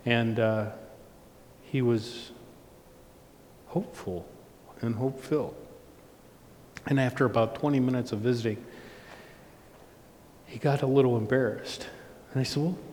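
Middle-aged male pastor, unhurried heartfelt storyteller, church reverb. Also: medium pitch, darkish tone. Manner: slow, earnest storytelling with restarts. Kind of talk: sermon with personal story. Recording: long reverb, faint noise.

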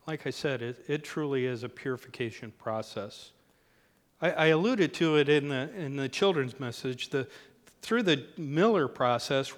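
Male pastor, sermon, fairly high voice, easygoing with jokes, church hall reverb. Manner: conversational with joking asides.

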